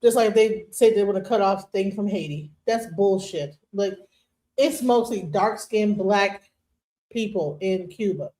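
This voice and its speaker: A woman's voice: mid-range voice, a little slow, dark tone. A woman co-hosting a livestream, talking bluntly and emphatically in casual slang. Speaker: livestream co-host. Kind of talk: casual heated chat.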